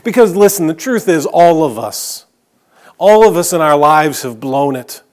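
A middle-aged male pastor preaching a sermon, telling stories in a conversational way and dropping to a hush on key phrases. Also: fairly high pitch, animated, unhurried.

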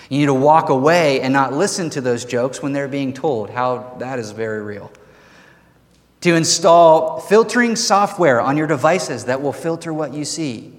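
Rich: A man preaches a sermon in a relaxed, chatty style, tossing in playful asides as he works through his points. His voice sits at an ordinary middle pitch, and the long reverb of a large hall trails each phrase.

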